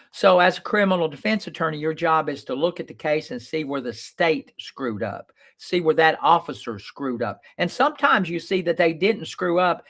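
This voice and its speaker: A man's voice: a little high, a bit bright. Blunt plain-spoken man lawyer. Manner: storytelling, reenacts his own past lines. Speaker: lawyer and show host. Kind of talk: casual monologue to viewers.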